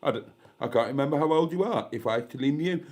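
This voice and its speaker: Talking fast with lively intonation, a man in a caravan heated by a gas fire goes live while nursing a stuffy head cold. His mid-range, slightly mellow voice reads out comments casually, punctuated by dry self-mockery.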